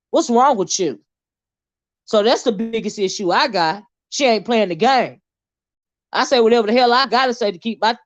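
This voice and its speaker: A sassy, outspoken woman hosting a live stream, talking bluntly and swearing freely. Her voice sits a little high. The sound is dry and slightly muffled, as if from a modest mic. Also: no room sound. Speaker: host. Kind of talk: casual live-stream commentary.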